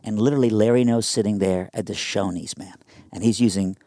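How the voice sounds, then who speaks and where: A young man telling a personal story in a casual interview, animated and conversational with lots of fillers. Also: on the low side, fairly quick, no echo, clean studio sound.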